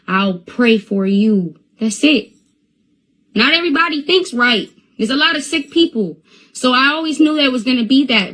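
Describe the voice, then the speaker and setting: A woman's voice: mid-range voice, low-quality recording. A young woman on a phone live stream, talking in an agitated rant that stammers and repeats itself.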